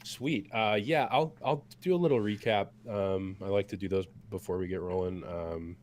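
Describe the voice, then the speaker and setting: A man with a hoarse, sick voice from a cold, game master recapping a tabletop session in an easygoing way with lots of ums. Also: on the low side, moderate pace, a little mellow, slight background noise. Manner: easygoing, many filler ums.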